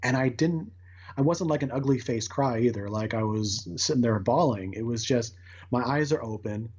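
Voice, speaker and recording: This casual storytelling interview features a man in his thirties earnestly describing a personal experience, full of restarts and acted-out quotes as he rambles. His voice is mid-range, a little mellow and slightly rough, with a moderate pace. The recording is muffled and lo-fi.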